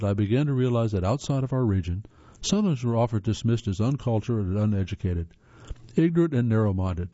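Reading articles aloud as host, this northern US man is earnest, adding asides and occasionally tripping over words. His lowish, mellow voice is expressive and fairly quick, with no echo, though the lo-fi sound comes across slightly dull.

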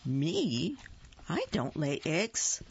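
Motherly storybook pig, read by a woman; slow and low. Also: very animated, slightly rough, exaggerated voice. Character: caring mother pig with piglets. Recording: dull lo-fi dry recording.

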